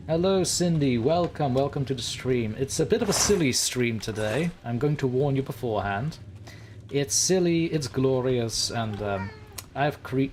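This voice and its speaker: A male game streamer talking through a live let's-play in a playful, theatrical way. His pitch swings widely as he addresses viewers and characters on screen, with a faint hiss of noise behind him.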